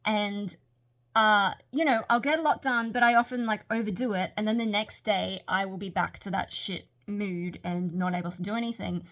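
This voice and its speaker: A woman's voice: medium pitch, moderate pace, a bit bright. A woman rambling candidly in a late-night vlog monologue, her speech a little hampered by a retainer. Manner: rambling, candid, self-reflective. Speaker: vlogger.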